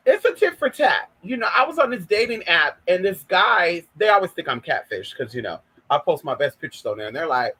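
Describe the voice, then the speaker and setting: Woman from california chatting on a live stream, lively bright voice, sassy and loose. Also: lowish voice, brisk, hardly any pauses, husky. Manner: sassy, calls everyone honey. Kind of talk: casual live stream chat.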